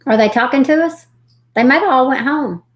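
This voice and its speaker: A woman hosting a live stream, reading missing persons reports aloud haltingly, with folksy chatty asides. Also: high-pitched, a crowd in the background. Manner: reads haltingly, stumbling over names and restarting.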